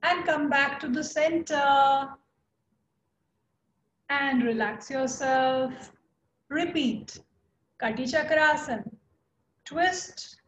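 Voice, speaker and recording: A young woman with an Indian English accent leading a chair yoga class, encouraging students by name with slow, steady cues. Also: sits high, roomy sound. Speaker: yoga instructor.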